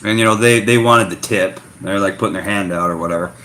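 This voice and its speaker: Slangy, bright-voiced American man vlogging. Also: fairly low pitch, fast talker. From United States. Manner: slangy, animated storytelling with fillers. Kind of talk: casual rambling vlog talk.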